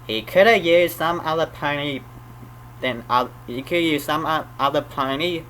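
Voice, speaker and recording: A man's voice: a little high, normal speed, a bit bright, slight background noise, pitched above the performer's own voice, natural voice. A man voicing an upset pet puppy who complains and stumbles over his words. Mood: complaining.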